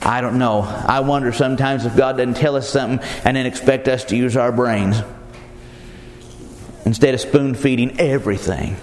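A man's voice: mid-range voice, moderate pace. A man preaching a sermon as pastor, pressing his point with repeated rhetorical questions and calling the listeners his friends. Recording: echoey hall with long reverb.

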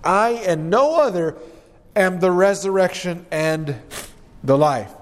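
Guy with a high voice giving an earnest sermon, lots of hall reverb. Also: expressive. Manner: earnest, measured, reads scripture aloud. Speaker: preacher.

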